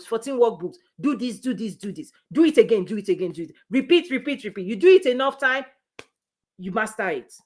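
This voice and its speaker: A woman with a fairly high-pitched voice coaches her live-stream audience. She drives each point home with repetition and a preacher's cadence. She often breaks into a laugh between points. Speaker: business coach. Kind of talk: motivational live-stream talk.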